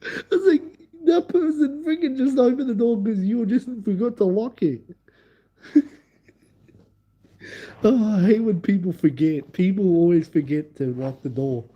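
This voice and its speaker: A man's voice: high voice, unhurried, pauses often, dull audio. A young man telling rambling stories on a casual live stream, laughing often and repeating the same filler words. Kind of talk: casual livestream storytelling.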